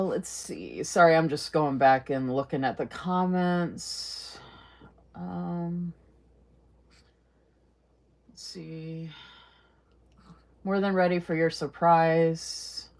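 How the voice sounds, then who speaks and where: A woman hosting a casual livestream, chatting with viewers, reading their comments aloud and laughing often. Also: sits low. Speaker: livestream host.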